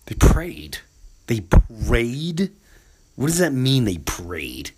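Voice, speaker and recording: A man hosting a podcast, telling a personal story in an earnest, animated way and slipping into voices for the people in it. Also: medium pitch, very slow, background noise. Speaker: podcast host.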